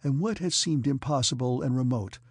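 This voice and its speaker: Male audiobook narrator, gravelly, husky, calm measured reading, dry close sound. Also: mid-range voice, dry recording. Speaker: audiobook reader. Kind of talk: audiobook narration of a classic novel.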